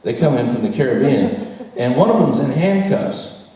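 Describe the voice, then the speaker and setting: A man telling a live comic story to a bar audience, animated and laughing as he goes, chatting with the crowd. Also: medium pitch, normal speed. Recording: roomy echo, mic far off.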